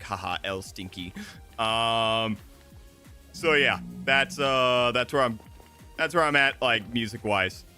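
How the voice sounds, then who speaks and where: A young man chats through his gameplay with a slight lisp, piling up fillers and restarting his sentences. His voice is bright and forward. Faint music plays softly in the background. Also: medium pitch. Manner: rambling, chatty, with frequent fillers and self-corrections. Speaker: gaming streamer. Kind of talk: casual gameplay commentary. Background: soft game music.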